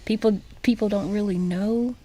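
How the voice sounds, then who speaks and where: A woman telling a personal story as a radio guest, halting and repeating words, sometimes dropping to a whisper. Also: mid-range voice, fairly even intonation, dark tone. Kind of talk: personal testimony in a radio interview. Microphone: studio microphone.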